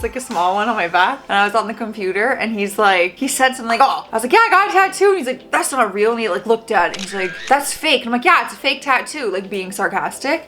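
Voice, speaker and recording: A woman in her twenties chatting casually as she reacts to clips, animated and laughing often. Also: on the high side.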